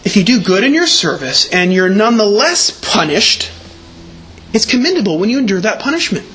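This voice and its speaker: High-voiced man preaching a sermon. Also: sing-song, a little fast, bright, forceful tone. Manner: earnest, emphatic preaching with repeated words. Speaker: pastor.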